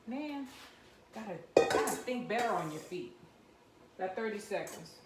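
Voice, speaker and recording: A woman chatting her way through a home cooking vlog, rambling and laughing, with loud whoops now and then. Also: mid-range voice, animated, measured pace, reverberant, very noisy. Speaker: home cook and vlogger. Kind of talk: casual cooking vlog chat. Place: home kitchen.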